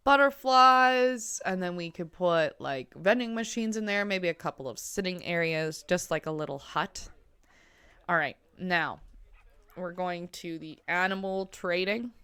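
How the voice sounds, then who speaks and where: A woman's voice: lowish voice, a little slow, fairly bright tone, clean tone, dry recording. A woman streaming a zoo-building game, chatting casually to herself and her animals with lots of fillers. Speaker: gameplay streamer. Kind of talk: casual gaming commentary.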